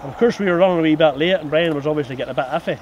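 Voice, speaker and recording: A man's voice: on the high side, very fast, muffled recording, a little hiss or hum. Older man, fond recollection. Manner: chuckling, easygoing recollection. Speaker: documentary subject. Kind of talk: reminiscing storytelling.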